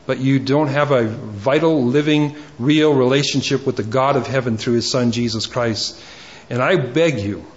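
A man's voice: mid-range voice, highs cut off. A male pastor preaching a sermon, pleading earnestly and driving points home with emphatic repetition.

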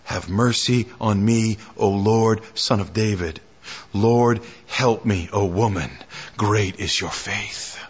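Slow, impassioned male preacher. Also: fairly low pitch, husky, highs cut off. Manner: impassioned preaching with dramatic rises and hushed drops. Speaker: pastor. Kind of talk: sermon.

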